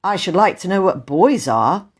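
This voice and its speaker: A woman's voice: fairly low pitch, sing-song, normal speed. A woman voicing an earnest young girl, the eldest sister, who pleads and scoffs at her brother. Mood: disdainful.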